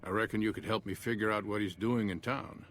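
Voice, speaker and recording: A man playing a gruff, bitter old rancher. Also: on the low side, steady tone, brisk, crowd noise, natural voice. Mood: approving. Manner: folksy drawl, grumbling and blunt. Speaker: game character.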